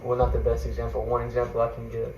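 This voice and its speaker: A man's voice: medium pitch, monotone, fast, warm tone, lo-fi sound. Guy rambling earnestly thru a personal story, lots of ums, mic kinda far off in a roomy echoey space. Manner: earnest, rambling, with many fillers and restarts. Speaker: guest mentor sharing a testimony. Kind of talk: personal storytelling in a faith podcast chat.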